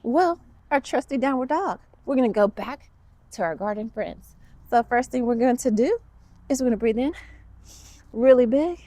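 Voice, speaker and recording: A woman's voice: fairly high pitch, expressive, normal speed, long pauses, warm tone, no room sound. A woman teaching a children's yoga class, guiding poses with upbeat, playful encouragement while moving along. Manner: talks along as she moves through poses.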